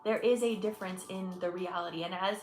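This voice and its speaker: A woman's voice: on the low side, fairly even intonation, a little fast, darkish tone, echoey room, faint music behind. A woman in her twenties from Michigan hosting a casual livestream chat as an energy healer. She talks chattily and effusively, laughing often and thanking viewers. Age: 20s.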